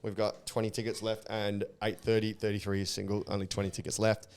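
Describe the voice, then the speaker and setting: Aussie comedian co-host, smooth, resonant tone, jokey banter full of swearing. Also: male voice, fairly low pitch, flat delivery, darkish tone. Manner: fast comic asides, puts on slang voices. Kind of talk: casual banter.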